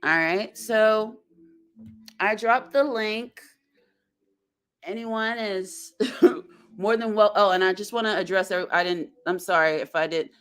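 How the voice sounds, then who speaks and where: A woman hosts a casual livestream and chats at an unhurried pace. She talks in a halting, friendly way and greets her viewers one by one as they arrive. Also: mid-range voice, smooth. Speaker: livestream host.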